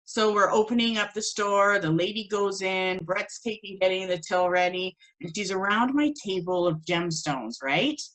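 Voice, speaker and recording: A woman teaching a spiritual course, telling a personal story in an animated way and acting out the voices of the people in it. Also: mid-range voice, normal speed, hardly any pauses, low-quality recording. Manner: animated, acts out quoted voices.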